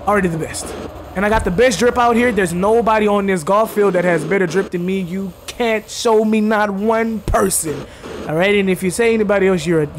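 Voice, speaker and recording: A man with a high voice talks casually over a game he is streaming, bragging in a playful, trash-talking way and sometimes breaking into shouts at the characters. Loud game sound runs behind him the whole time. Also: slight background noise. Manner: boastful, playful trash talk. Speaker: gaming streamer. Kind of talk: casual gameplay commentary.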